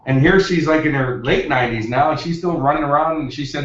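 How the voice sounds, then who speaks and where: A man's voice: fairly high pitch, fast, few pauses, fairly bright tone. A man, a success coach, telling anecdotes in an interview with energy and acting out the quotes. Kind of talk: interview storytelling. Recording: roomy, distant, dull lo-fi.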